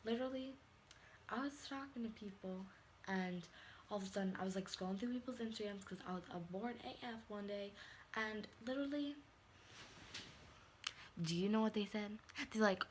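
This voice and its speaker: A woman's voice: medium pitch, moderate pace, poor audio. Teenage girl, vlog rant, exasperated, sassy, phone recording, faint hiss behind. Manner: sassy, exasperated, full of "like" and "honey". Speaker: vlogger. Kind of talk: ranting to camera. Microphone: phone or webcam.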